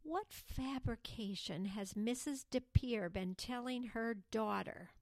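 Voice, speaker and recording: Woman reading as earnest curious girl, asks lots of questions, slow and a bit high. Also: no room sound, studio quality. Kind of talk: audiobook dialogue reading.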